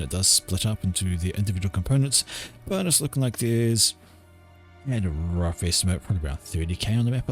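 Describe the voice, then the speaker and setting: Low-voiced man casting a strategy game. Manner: chatty, with offhand jokes and asides. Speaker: game caster. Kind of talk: casual play-by-play game commentary.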